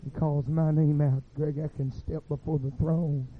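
A man preaching a revival sermon, telling dramatic stories that build to shouting. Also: a little high, level tone, moderate pace, breathy edge. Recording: tinny phone-like sound.

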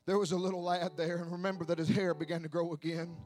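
A man preaching a sermon who swings between hushed asides and shouted, sing-song preaching cadence. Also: high-pitched, flat delivery, fast talker, dry recording. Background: faint music from an accompanist.

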